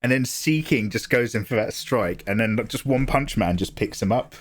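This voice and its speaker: A man in his forties chatting casually on a live drawing stream, animated and self-deprecating, swearing freely. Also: normal speed. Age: 40s. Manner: mocks others with squeaky high voices. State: tearing up, emotional. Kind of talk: casual livestream chat. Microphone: desk mic, no camera.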